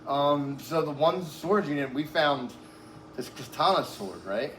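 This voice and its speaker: Speaking at a measured pace in a fairly bright, higher-pitched voice, this interview guest rambles through a long, profane story packed with "like" and "right?" He's slightly breathless and relies on oxygen. The room echoes, and there's a faint hum of background noise.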